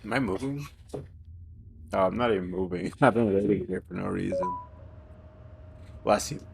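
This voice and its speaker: A man's voice: on the low side, moderate pace, gravelly, background noise. A man streaming a game live, chatting playfully and laughing as he stumbles over tongue twisters. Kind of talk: live gameplay commentary.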